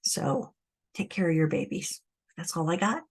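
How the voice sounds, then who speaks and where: A woman's voice: fairly low pitch, expressive, moderate pace, breathy edge. A middle-aged woman, an abuse support coach, speaking bluntly and with frustration straight to her viewers. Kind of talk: impassioned direct-to-camera monologue.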